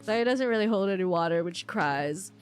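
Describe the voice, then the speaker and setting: A woman's voice: mid-range voice, animated, clean tone, soft background music. A young woman streamer chatting casually while gaming, rambling and openly emotional, with many fillers and restarts. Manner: openly emotional, quick to gush. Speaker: live streamer.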